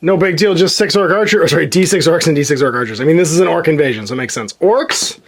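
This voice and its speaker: A man's voice: on the high side, fast talker. A man casually narrating his own board game session, counting moves aloud and chuckling to himself. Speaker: host playing a solo board game.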